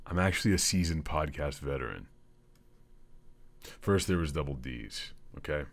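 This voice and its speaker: Give me a deep-voiced man hosting a comedy podcast, rambling and profane. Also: expressive, normal speed. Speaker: podcast host. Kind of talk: casual comedic monologue.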